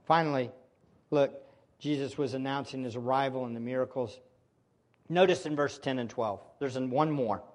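A man preaching a sermon, animated, swinging between loud exclamation and hushed intensity, addressing his listeners as beloved. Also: mid-range voice, normal speed.

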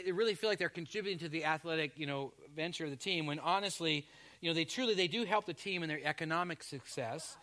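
A Canadian man, a pastor, preaches to his congregation at a church service, keeping things chatty and joking as he teases the people listening. His voice sits a little high and comes across pushed and bright.

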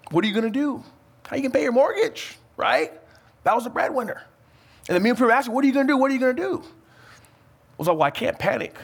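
A man's voice: high voice, a bit bright. A man pastor preaching a sermon, pressing the congregation with emphatic questions and calls of amen.

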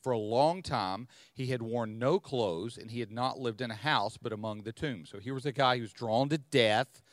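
A man hosting a podcast, explaining Bible passages in a relaxed way and thinking aloud as he goes. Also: mid-range voice, moderate pace, no echo. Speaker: podcast host teaching the Bible. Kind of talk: conversational Bible teaching.

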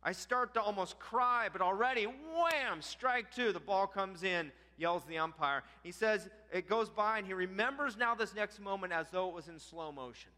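A man preaching a sermon, telling a story with animated acted-out quotes. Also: high-pitched, moderate pace, hardly any pauses. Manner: animated, acts out quotes with rising voice. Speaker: pastor. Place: church sanctuary. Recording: church hall reverb.

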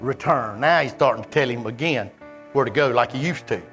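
A man preaching a sermon, animated and conversational, voicing God in quoted speech. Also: mid-range voice, fairly quick, soft background music.

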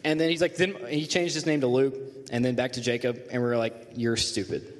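A man's voice: mid-range voice, fast talker, long reverb tail. A teenage boy casually telling a group a funny story and acting out the quotes. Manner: animated, acts out quotes.

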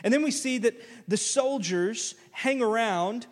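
A male pastor preaching a sermon, lively and conversational, slipping into casual phrases as he walks through a scripture reading. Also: extremely high pitch, measured pace. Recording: long church-hall reverb.

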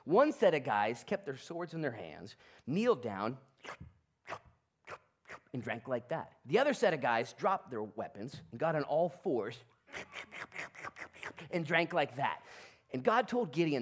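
A man's voice: medium pitch, very animated, measured pace, long pauses. A man pastor preaching a sermon, telling the story with energy and acting out the people in it.

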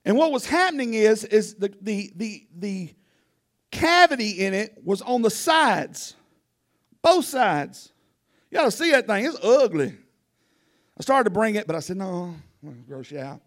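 A man preaching a sermon, telling a folksy story that swings from loud to hushed. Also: very high voice. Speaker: pastor.

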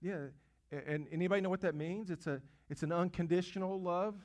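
Fairly high-voiced preaching man. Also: steady tone, a little fast, darkish tone. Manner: preaching, asks the congregation questions, swells to emphatic peaks; repeats and restarts words while preaching. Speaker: pastor. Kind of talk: sermon.

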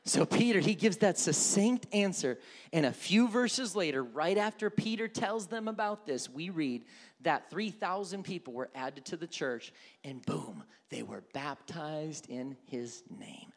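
A man preaching a sermon as pastor, animated, acting out quoted prayers and shouts. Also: fairly high pitch, a little slow, in a large hall. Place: church.

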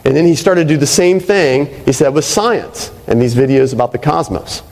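A man's voice: fairly high pitch, lively intonation, moderate pace, a little mellow. A male pastor preaching a sermon in a conversational way, often checking in with "right?". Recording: reverberant hall.

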